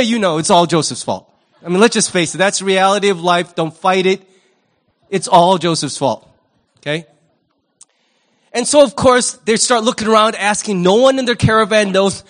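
A male pastor preaching a sermon in an animated, humorous, conversational way. He asks the audience questions and acts out quick voices. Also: high-pitched.

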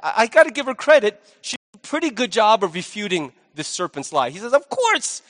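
A male pastor delivers a sermon in a loose, conversational way, dropping jokey asides between points. His voice sits fairly high for a man. A long reverb from a large church hall hangs behind him. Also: big pitch swings, quick pace, a bit bright.

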